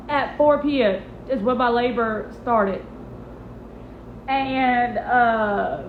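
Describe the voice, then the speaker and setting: A young woman with a high, bright voice tells a personal story in a loose, chatty storytime vlog. She's animated, acting out other people's lines with big, sudden pitch jumps. The audio is a bit muffled, echoes off the room and carries a slight hiss or hum.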